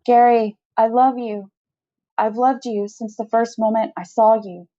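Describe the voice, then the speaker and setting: A woman's voice: fairly high pitch, flat delivery, measured pace, dark tone, natural voice. A woman reading as an urgent, pleading office man. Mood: yearning. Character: male office worker, pleading then lovesick. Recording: slightly dull lo-fi sound.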